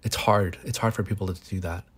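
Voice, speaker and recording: Earnest man, low voice. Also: steady tone, fairly quick, a bit bright, slightly rough. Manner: earnest, explains with everyday examples. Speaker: psychologist guest. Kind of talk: conversational explanation.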